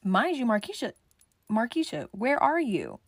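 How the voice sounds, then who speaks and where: Animated young woman telling a story. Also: fairly high pitch, moderate pace, dry recording. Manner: animated, swears freely, acts out quotes. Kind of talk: casual storytime.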